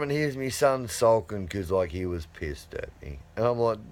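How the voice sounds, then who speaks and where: A man's voice: lowish voice, very animated, moderate pace, few pauses. A middle-aged man, telling a rambling, profane anecdote in a casual way. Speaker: storyteller.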